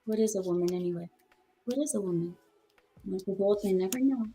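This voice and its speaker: A woman's voice: mid-range voice, brisk, warm tone, soft background music. A woman hosting a reaction commentary, ranting in a heated, emphatic way and repeating herself. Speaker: commentary channel host.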